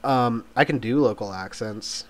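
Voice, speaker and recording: A man's voice: mid-range voice, a little slow. Young male vlogger, casual and rambling, mid-range voice, offhand swearing. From Mon Valley, Pennsylvania. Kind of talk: casual tag video chat.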